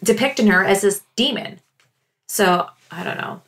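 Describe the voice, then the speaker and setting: A woman co-hosting a podcast in casual chat, chatty and quick to giggle. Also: mid-range voice, lively intonation, a bit bright. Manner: giggly and chatty, breaks into laughter. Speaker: podcast co-host.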